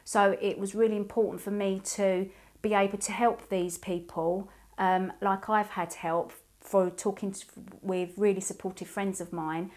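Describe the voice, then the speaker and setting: A woman's voice: mid-range voice, steady tone, a little mellow. Woman in her forties telling a hard story. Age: 40s. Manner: halting, emotional, with pauses and ums. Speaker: abuse survivor sharing her story. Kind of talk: personal testimony.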